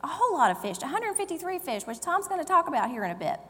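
A woman's voice: very high-pitched, very animated, fast talker, a bit bright. A woman preaching a conversational sermon in a church, telling the story with acted-out voices. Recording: long hall reverb, faint hum.

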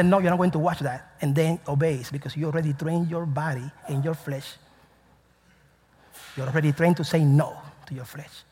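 Man, pastor, sermon, call-and-response questions, husky, long reverb. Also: on the high side.

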